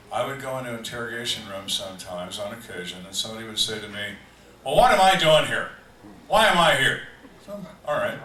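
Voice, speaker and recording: Older man, deadpan storyteller, echoey room. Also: on the low side, a little hiss or hum. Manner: dry deadpan storyteller with slow emphatic pauses. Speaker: retired homicide detective telling stories at a fan Q&A. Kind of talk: live storytelling Q&A. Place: event room on a cruise ship, live audience. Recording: echoey room, distant mic, faint ambience.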